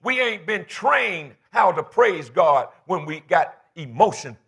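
In church, a pastor in his fifties preaches fervently at a slow pace, his high voice swinging widely in pitch. The tone is fairly bright, creaky, and slightly rough, and his plainspoken, folksy wording keeps calling the congregation to answer back.

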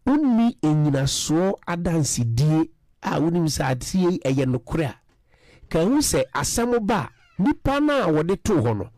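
A man from Ghana with a Ghanaian accent speaking as a radio presenter. He gives firm advice and explains things deliberately. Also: sits high, darkish tone, no room sound. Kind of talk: radio talk.

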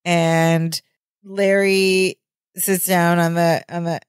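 A woman co-hosting a podcast who recaps a sitcom episode in steady play-by-play casual chat. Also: fairly low pitch, slow pace, smooth, no room sound, clean studio sound. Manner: steady play-by-play narration with small laughs. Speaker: podcast co-host.

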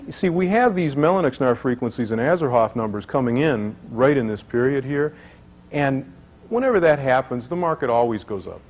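A man's voice: mid-range voice, lively intonation, brisk, natural voice. Brief: man playing a flustered know-it-all dad, stammering and lecturing, dull lo-fi audio. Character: pompous market expert father, flustered. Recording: dull lo-fi recording.

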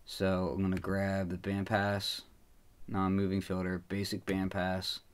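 A man giving a relaxed, step-by-step walkthrough of how he builds a beat. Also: low voice, a little slow, slight background noise. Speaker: beat maker explaining his process. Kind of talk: casual tutorial narration.

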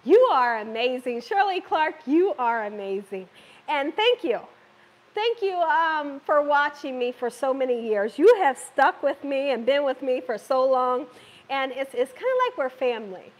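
Animated but a little slow, a Southern woman with a high voice runs a live cooking stream from her kitchen at home. Though still recovering from being sick, she chats with her audience, reads out comments, and laughs frequently.

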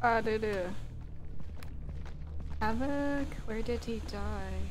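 A woman chatting casually while playing a co-op game, with halting, giggly talk. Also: on the high side, music in the background. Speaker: co-op game player.

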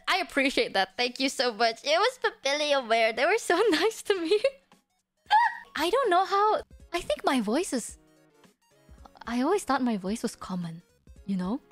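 High-voiced woman chatting on stream. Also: sing-song, moderate pace, soft background music. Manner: chatty and rambling, with many fillers and laughs; drops to a hushed whisper at times. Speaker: vtuber streamer. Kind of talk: casual livestream chat.

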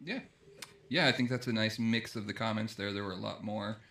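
A man's voice: on the low side, brisk, sharp tone, slight background noise. A man hosting a newspaper podcast in casual news chat, wry and joking about reader comments. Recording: echoey room.

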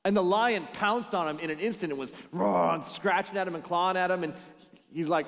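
A man's voice: high voice, normal speed, creaky. Man preaching in an echoing church. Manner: storytelling, conversational preaching. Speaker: pastor. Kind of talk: sermon. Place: church sanctuary. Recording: church hall with long reverb.

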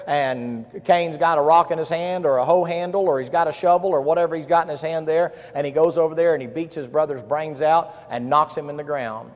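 A man delivers a sermon as a pastor. His voice sits a bit high for a man, and he drives his points home by repeating phrases with emphasis. The sound carries a long reverberation from a large hall. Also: brisk, few pauses, a little mellow. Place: camp-meeting hall.

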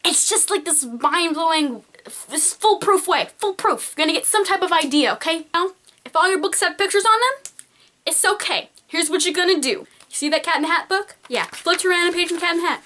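Bright high-voiced peppy teen girl. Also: expressive, fairly quick. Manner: peppy and encouraging, talks straight to viewers. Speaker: art vlogger. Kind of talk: casual advice vlog. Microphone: camcorder mic.

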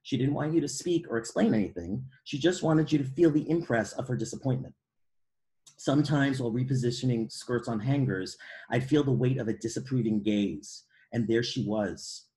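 A middle-aged man from Brooklyn reads from his own memoir. His voice sits at an ordinary middle pitch, and his delivery is measured and precise, with a dry, wry edge. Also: warm tone. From Brooklyn, New York. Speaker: author reading his memoir. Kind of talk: literary memoir reading.

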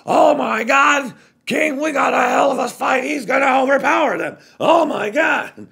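A frantic wrestling announcer yells play-by-play at the top of his lungs, as a man puts on the voice. The pitch jumps far above a normal speaking voice and the delivery stays breathless and strained throughout. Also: unhurried, creaky, slightly rough, full character voice. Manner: shouting, breathless excitement.

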